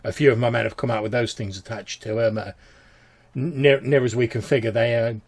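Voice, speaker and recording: A man voicing a worried woman guard captain who rushes out stammered warnings. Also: medium pitch, fairly even intonation, darkish tone, close to an everyday voice. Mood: urgent.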